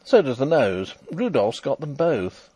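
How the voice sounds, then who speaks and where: A sensible, even-tempered gentleman, played by a male reader. He speaks calmly and gently chides, with a lively, husky, lowish voice, recorded dry and close. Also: unhurried, no echo. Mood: mild. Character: mild older brother, sensible gentleman.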